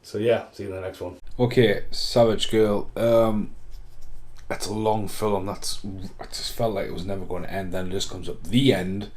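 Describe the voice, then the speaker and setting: A man's voice: lowish voice, fairly even intonation, normal speed, darkish tone. A man rambling casually through a film review vlog, swearing a lot and laughing at the films.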